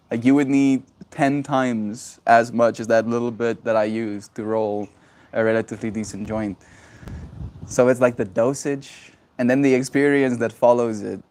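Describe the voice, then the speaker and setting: A man hosting his own daily stream, high and rambling in a casual, halting way with many restarts. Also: steady tone, a little mellow. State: high on cannabis. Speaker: livestream host. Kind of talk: casual solo stream chat.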